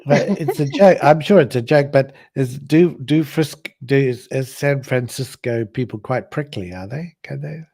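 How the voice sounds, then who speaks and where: A man's voice: medium pitch, normal speed, creaky, few pauses, warm tone. A man hosting a casual podcast chat, hesitant and filler-heavy. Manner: hesitant, with many fillers and frequent laughs. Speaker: host.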